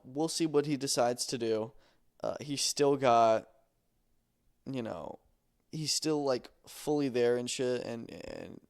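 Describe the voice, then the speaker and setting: Man, gravelly, mid pitch, casual opinionated podcast chat. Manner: loose and opinionated, swears casually. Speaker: podcast host. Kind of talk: casual chat about combat sports news.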